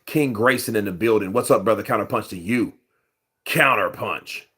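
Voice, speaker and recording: A man with a somewhat low voice chats his way through a boxing livestream as host. He rambles loosely, leans on fillers and keeps greeting chat viewers by name. He is fighting off a cold. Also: normal speed, bright, forceful tone, slightly rough. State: has a cold. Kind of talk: casual livestream commentary.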